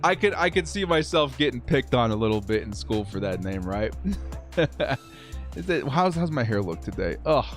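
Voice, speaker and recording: A man's voice: mid-range voice, sing-song, normal speed, soft background music. A young man hosting a live stream, calling a football video game and chatting with viewers in a casual, upbeat way, laughing often and repeating words. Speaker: streamer and host of a football simulation channel. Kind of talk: live stream game commentary with chat replies.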